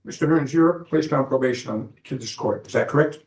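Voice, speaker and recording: Halting male attorney in an echoey courtroom. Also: medium pitch, a little mellow. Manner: halting, many filler pauses. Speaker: defense attorney. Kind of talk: courtroom questioning.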